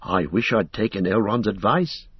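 A man's voice: lowish voice, moderate pace, breathy edge, dry recording, lo-fi sound. A man reading the part of a fretful, glum young hobbit in an audiobook, in a raised, complaining voice.

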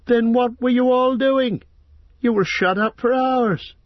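Storybook role: man voicing an excitable young hobbit lad, pitched well up, husky, dull dry recording. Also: normal speed, dry recording, exaggerated voice. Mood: indignant. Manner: cheeky, excitable.

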